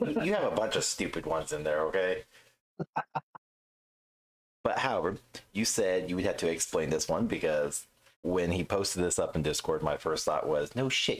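A man's voice: sits low, animated, moderate pace. A man co-hosting a podcast in casual chat, blunt and teasing, swearing freely. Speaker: podcast co-host.

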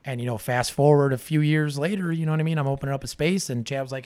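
A man's voice: medium pitch, quick pace, hardly any pauses, darkish tone. Laid-back, swearing man telling stories. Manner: laid-back, heavy swearing, lots of fillers. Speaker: brewery owner guest. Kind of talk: casual podcast chat.

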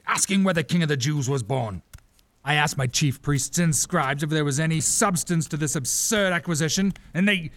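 An actor playing a paranoid, raging king in an audio drama, erratic and shouting. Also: on the high side, dry recording.

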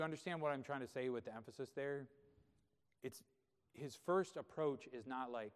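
A man's voice: mid-range voice, normal speed, darkish tone, clean tone, in a large hall. A man preaching a sermon as pastor, explaining scripture in a conversational way and often checking in with rhetorical questions.

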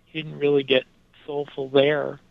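Smooth-voiced man, hesitant chat. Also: fairly high pitch, level tone, measured pace, no echo, lo-fi sound. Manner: hesitant, many fillers and restarts. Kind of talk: casual music discussion.

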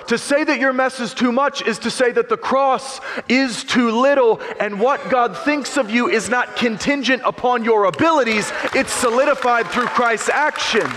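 Emphatic pastor preaching in an echoey church. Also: male voice, very high voice, moderate pace, hardly any pauses, fairly bright tone, some chatter behind. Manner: emphatic, joking, storytelling. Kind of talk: sermon.

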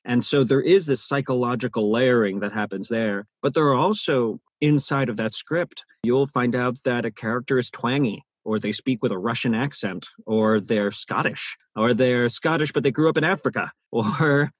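Here an audiobook narrator chats in an interview at medium pitch and normal speed, with few pauses and a breathy edge, in a recording without room sound. He's animated, restarting sentences and repeating words a lot.

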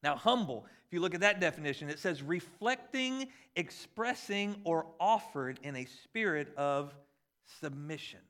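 A man in his forties, a pastor, preaching a conversational and animated sermon with jokes about his kids. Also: on the high side, moderate pace. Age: 40s.

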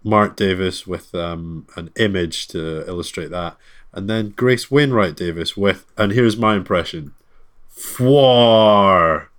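A man's voice: low-pitched, a little slow, a bit bright. A man co-hosting a casual podcast chat, joking and reading lists aloud with dry asides. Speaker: podcast co-host.

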